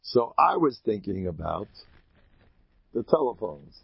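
Male rabbi, lively swooping storyteller, dry close lo-fi sound. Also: a little slow, gravelly, breathy edge, no echo. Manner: animated, acts out characters with sudden high shouts. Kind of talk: storytelling Torah talk.

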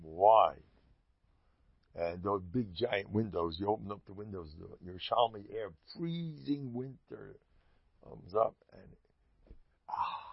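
Man, informal storytelling, animated and rambling, chuckles, muffled lo-fi sound. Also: fairly low pitch, slow, vocal fry, long pauses, no echo. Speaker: Hasidic storyteller giving a talk. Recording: dull lo-fi dry recording.

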